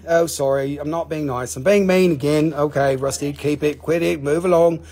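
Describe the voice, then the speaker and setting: Hosting a mineral sale on a livestream, a man from Appalachia chats casually at normal speed, barely pausing, in a somewhat higher, husky, slightly mellow voice with a steady tone. He keeps things playful, joking and teasing viewers as he goes through each item.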